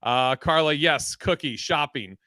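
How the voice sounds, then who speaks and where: Male co-host, bright forward tone, loose and joking, reads comments aloud, dry close mic. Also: fairly high pitch, measured pace, dry recording. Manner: loose, laughs often, swears casually. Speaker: podcast co-host reading listener comments. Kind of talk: casual chat.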